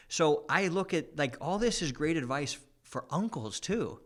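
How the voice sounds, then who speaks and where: A man hosting a podcast, chatting casually and excitably, often saying dude. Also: on the high side. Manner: excitable, fast bursts, says dude a lot. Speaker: podcast host. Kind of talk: casual chat.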